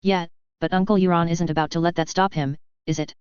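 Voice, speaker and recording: A woman's voice: fairly low pitch, fairly even intonation, a little fast, a little mellow, smooth, no room sound, lightly acted. A woman voicing an earnest, wry young male lord who speaks dryly, on a dull lo-fi recording. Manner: dry, earnest.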